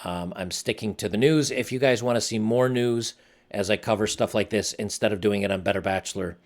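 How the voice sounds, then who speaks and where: A man's voice: fairly low pitch, fairly quick. A man hosting his own channel, talking earnestly and somberly in a casual commentary monologue, often restarting his sentences. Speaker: channel host.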